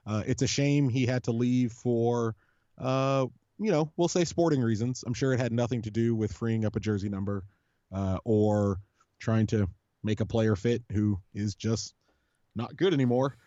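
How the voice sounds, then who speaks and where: A man's voice: medium pitch, moderate pace, mellow, no room sound, highs cut off. A man co-hosting a casual podcast about a soccer club, telling long rambling stories with lots of restarts and casual swearing. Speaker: podcast co-host, supporters' group leader.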